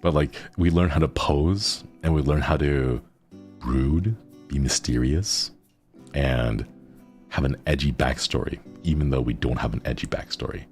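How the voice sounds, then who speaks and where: A man's voice: rumbling low, normal speed, a little mellow, faint music behind. A man streaming casual chat with viewers, playful and rambling, often laughing.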